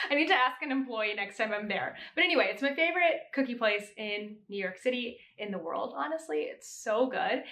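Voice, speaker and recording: This podcast host's voice is a little high with a sharp tone, and the recording is reverberant. A young adult woman, she chats casually on her knitting podcast, now and then laughing as she catches and corrects herself.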